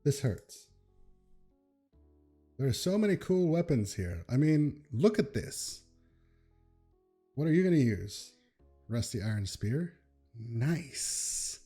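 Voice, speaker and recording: Laid-back young man, mellow voice. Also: medium pitch, big pitch swings, slow, long pauses, breathy edge, soft background music. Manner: laid-back, laughs often, chatty asides. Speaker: YouTuber reacting to memes. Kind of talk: casual reaction commentary.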